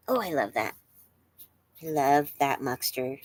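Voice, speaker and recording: A woman's voice: a bass voice, expressive, unhurried. A woman hosting a live stream, answering chat in casual, rambling talk full of fillers and gushing praise. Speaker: livestream host reading chat.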